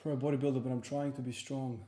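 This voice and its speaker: A man from South Australia with an Australian accent, chatting casually on a livestream between gym sets and answering questions from chat in a relaxed, rambling way. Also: mid-range voice, quick pace, a little hiss or hum. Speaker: streamer and lifter.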